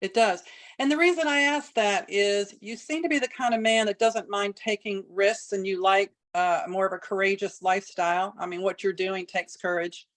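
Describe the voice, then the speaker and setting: Podcast host: woman, mid-pitched voice, earnest, strings long questions together. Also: steady tone, moderate pace. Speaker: interviewer. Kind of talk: podcast interview.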